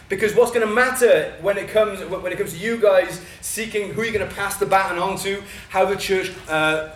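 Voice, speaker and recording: A Welsh man teaching a church training session, talking fast and excitedly with many fillers and restarts. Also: on the high side, slight background noise. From Wales. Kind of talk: teaching talk at a workshop. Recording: echoey room, mic at a distance.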